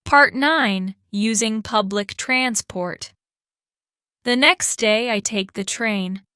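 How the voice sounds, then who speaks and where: A woman hosting a podcast, reading a slow English lesson in short, careful sentences. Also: on the high side, sharp tone, clear, resonant tone, dry recording, clean studio sound. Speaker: podcast host and English teacher.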